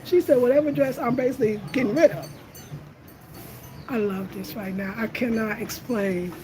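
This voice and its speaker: A middle-aged woman hosting a casual livestream, telling lively stories to her viewers and laughing often. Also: fairly high pitch, moderate pace, background noise. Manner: animated storyteller, laughs often, addresses viewers as y'all. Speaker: host of a home design channel.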